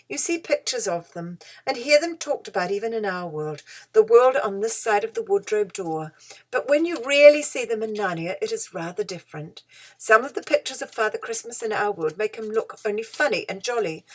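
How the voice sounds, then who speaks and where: A woman narrating a children's storybook with gentle, expressive storytelling. Her voice sits at an ordinary pitch and she shapes the sentences with care. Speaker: audiobook reader.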